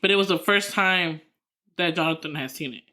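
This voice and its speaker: A woman's voice: on the low side, a little fast, pushed and bright. A woman co-hosting a podcast in casual chat, rambling through her story with lots of fillers and restarts. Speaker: podcast co-host.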